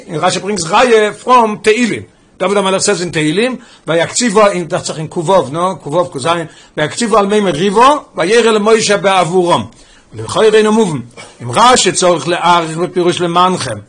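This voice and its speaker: Fast-talking husky man teaching a text class. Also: sits high, a bit bright. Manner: rapid reading of Hebrew text, explaining in English. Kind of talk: teaching a text study class, mixing English and Hebrew reading.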